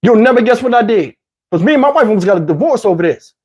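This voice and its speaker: A man from Camden with a New Jersey accent, telling a crude, lively story with lots of asides, on a lapel mic. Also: sits high, quick pace, breathy edge. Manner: profane, animated, lots of asides. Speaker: channel host. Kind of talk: comedic storytelling.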